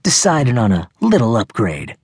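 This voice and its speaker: A man's voice: mid-range voice, wildly swooping pitch, normal speed, a little mellow, slightly rough, no room sound, clean studio sound, heavily acted. A man voicing a nervous but sarcastic teenage boy who talks sullenly in an audiobook. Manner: sullen, needling. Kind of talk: audiobook character voice.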